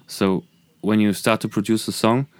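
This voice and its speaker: A man's voice: on the low side, steady tone, moderate pace, darkish tone, no room sound. A man with a German accent, a musician guest talking earnestly and reflectively in a casual podcast chat. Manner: earnest, reflective, many restarts.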